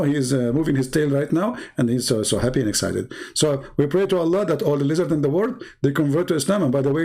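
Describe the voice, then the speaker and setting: A man's voice: fairly high pitch, darkish tone. A man hosting a live stream, rambling in a mocking, sarcastic way in broken English, saying he is losing his voice. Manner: sarcastic, rambling, heavy non-native English.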